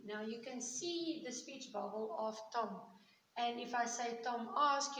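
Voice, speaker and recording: A woman teacher giving a grammar lesson to children, explaining patiently step by step and checking in often. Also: on the high side. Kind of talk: recorded classroom grammar lesson. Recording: echoey room with long reverb and faint hiss.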